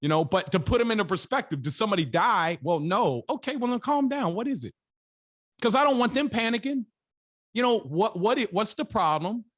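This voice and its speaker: High-voiced emphatic man telling stories. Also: sing-song, fairly quick, fairly bright tone. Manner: emphatic, colloquial, repeats for emphasis. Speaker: podcast guest, real estate investor. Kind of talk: storytelling in an interview.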